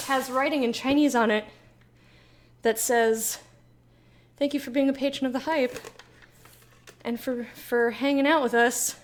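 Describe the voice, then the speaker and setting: A woman's voice: a little high, a little hiss or hum. A young woman streaming a game, chatting casually with viewers in a playful, bubbly way that slips into singsong. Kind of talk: casual live-stream chat.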